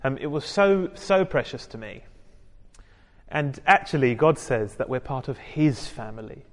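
A man's voice: mid-range voice, animated, measured pace, in a large hall. A British man preaching a sermon in a chatty, joking way, talking to the congregation. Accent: British English. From United Kingdom. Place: church hall with a congregation.

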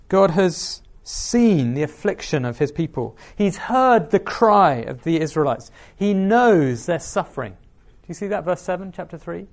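A man's voice: high-pitched, darkish tone. A man preaching a sermon, reading scripture aloud and asking the listeners questions.

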